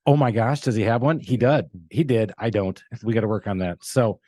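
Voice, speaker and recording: A man's voice: lowish voice, brisk, hardly any pauses, dark tone, no room sound. A middle-aged man hosting a casual business podcast in a studio, joking and laughing with his guests. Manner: joking, laughing, loose banter. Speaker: podcast host.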